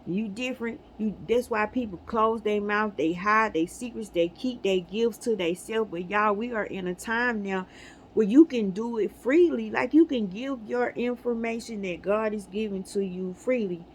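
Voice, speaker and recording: A woman's voice: medium pitch, moderate pace. A woman speaks to her viewers in casual, preachy spiritual talk, stressing her points hard and breaking into laughter. Her is loose and conversational. Faint background noise sits under her voice. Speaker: spiritual video host.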